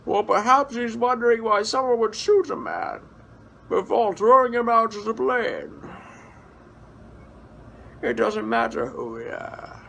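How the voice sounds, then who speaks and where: Man doing a slow muffled masked villain. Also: expressive, gravelly, pushed and bright, husky, full character voice. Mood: menacing. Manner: slow, muffled, deep whispering menace. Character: masked male brute villain, cold, imposing.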